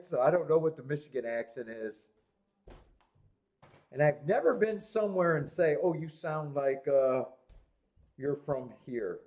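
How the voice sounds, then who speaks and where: Lively raised-voice horse racing host. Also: male voice, a little high. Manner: swears, restarts, talks to himself while watching races. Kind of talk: casual live-stream betting talk.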